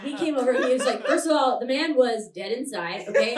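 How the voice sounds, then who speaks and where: A brash young woman doing stand-up on a handheld mic, her voice sitting a little high for a woman. She rambles and laughs through her lines. The sound is roomy and heard from some distance off. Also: animated, brisk, a loud crowd. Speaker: stand-up comedian. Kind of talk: stand-up comedy set. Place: live comedy show in a small venue. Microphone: handheld stage mic.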